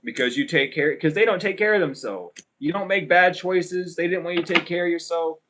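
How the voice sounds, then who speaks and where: A man's voice: a little high, brisk, a bit bright, low-quality recording. A man giving a casual spiritual tarot reading, blunt and emphatic, swearing often and repeating himself. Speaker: tarot reader.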